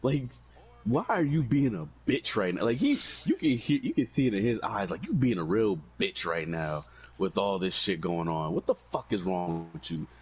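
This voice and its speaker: A man's voice: lowish voice, moderate pace, highs cut off, slight background noise. A man co-hosting a casual wrestling review podcast, telling stories with profane slang and frequent laughter. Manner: animated storytelling, profane slang, laughs often. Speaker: podcast co-host.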